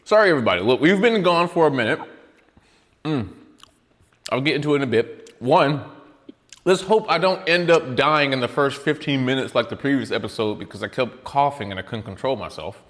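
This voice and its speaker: A man's voice: mid-range voice, lively intonation, a little fast, a bit bright, in a large hall. A man hosting a casual podcast, rambling and joking at his own expense, snacking while he talks into a studio mic. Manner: rambling, self-mocking, restarts often; chewing and eating while talking. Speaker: podcast host. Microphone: studio mic with headphones.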